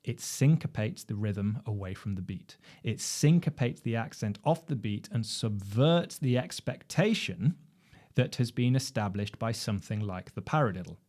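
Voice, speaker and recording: A man with a fairly low voice gives a drum lesson in a steady, explanatory way. He lays out each point carefully and raises rhetorical questions to lead the listener along. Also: moderate pace. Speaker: drum instructor. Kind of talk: instructional lecture.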